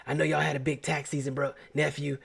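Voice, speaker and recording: A man's voice: on the high side, level tone, quick pace, vocal fry, slightly rough, full character voice. A man putting on the voice of his laid-back uncle, who drawls slang and keeps saying "man" and "nephew.". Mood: hyped. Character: laid-back middle-aged uncle, easygoing and generous.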